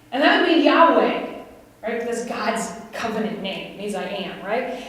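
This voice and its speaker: A West Virginian woman preaches to her congregation in a chatty, questioning way, with a fairly high voice. She is recorded from a distance in a church sanctuary, and the long reverb of the hall hangs on every phrase. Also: lively intonation, a little slow. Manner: conversational, laughs and asks the congregation questions. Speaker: pastor. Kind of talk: sermon.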